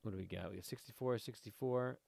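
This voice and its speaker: A man's voice: lowish voice, quick pace, gravelly, darkish tone. A man giving casual, rambling commentary while playing a game, easily sidetracked and chatting to viewers and to the creatures on screen. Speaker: let's play host.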